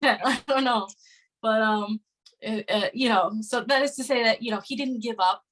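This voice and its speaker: A woman's voice: on the high side, normal speed, a bit bright, low-quality recording. Earnest woman in her thirties. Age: 30s. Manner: frequent fillers and restarts, earnest. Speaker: podcast guest. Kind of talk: casual conversational storytelling.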